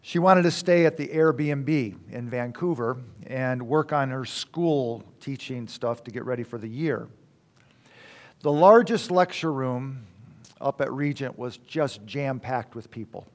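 Reflective man telling a story. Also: mid-range voice. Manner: reflective, with halting restarts. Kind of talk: personal storytelling talk.

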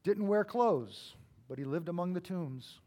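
A middle-aged man preaching a sermon, swinging between loud emphatic bursts and quiet, low asides as he tells stories. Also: lively intonation, a little slow. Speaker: pastor.

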